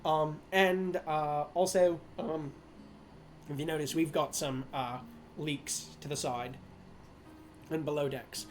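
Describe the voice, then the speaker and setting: A man's voice: a little high, steady tone, slow pace, long pauses, a little hiss or hum. A man voicing a blunt, roguish ship captain with an Australian or New Zealand accent, cheeky and casually swearing. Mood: matter-of-fact.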